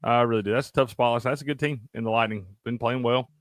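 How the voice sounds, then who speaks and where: A sports betting show co-host with a medium-pitched voice talks fast, cursing plenty, laughing a lot, and staying animated throughout the casual chat. Audio is clean studio sound with no echo.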